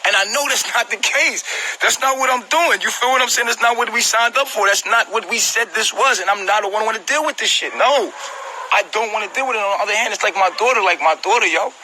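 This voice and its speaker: An upset, hurt man vents at home into his phone on a livestream, circling back over the same points and swearing freely as he talks straight to his viewers. His voice sits high for a man and sounds very bright and strained, with a faint hiss of background noise. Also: fast, poor audio. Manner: agitated, repetitive, profane, talks directly to viewers. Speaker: vlogger on a live stream. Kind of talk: emotional venting on a livestream. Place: at home, indoors.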